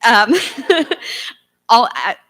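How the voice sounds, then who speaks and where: A woman's voice: a little high, sing-song, very slow, pushed and bright. A young woman, a former box office worker, gives a memorial tribute from a theater stage, talking in a chatty way with lots of ums. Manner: chatty, with frequent ums and laughs. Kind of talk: speech at a memorial event.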